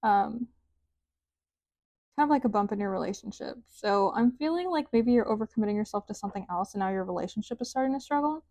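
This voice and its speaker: A woman's voice: on the high side, animated, fast talker, a little mellow, no room sound. A woman giving a casual tarot card reading, chatty and rambling, with sing-song sentence endings. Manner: chatty, rambling, says "like" often. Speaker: tarot reader.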